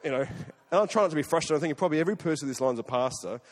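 An Australian man preaching in a lively, storytelling way, his voice a touch higher than most men's. He talks at a quick clip, and the sound rings out with a long hall reverb. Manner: animated, conversational, jumps between loud and hushed. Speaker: guest preacher. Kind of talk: sermon with storytelling.

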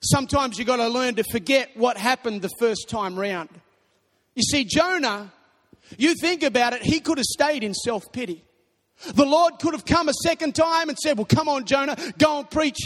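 A young man preaching a sermon, telling stories animatedly and breaking into shouts. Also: very high voice, normal speed. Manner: animated storytelling, bursts into shouting. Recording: long reverb of a large hall.

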